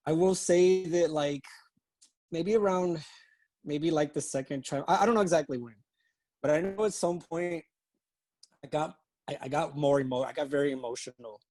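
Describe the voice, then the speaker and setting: A man who is a guest in a podcast interview, with a somewhat high voice and dry, close sound. He talks thoughtfully and haltingly, restarts his sentences often and hunts for the right words. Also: darkish tone, no echo. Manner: halting, many restarts, reflective. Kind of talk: casual interview chat.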